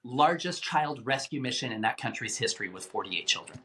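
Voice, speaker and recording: A middle-aged man, a podcast guest, recounting a tense rescue mission in vivid, animated storytelling with acted-out quotes. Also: mid-range voice, fairly quick. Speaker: guest, anti-trafficking rescuer. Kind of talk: dramatic storytelling in a podcast interview.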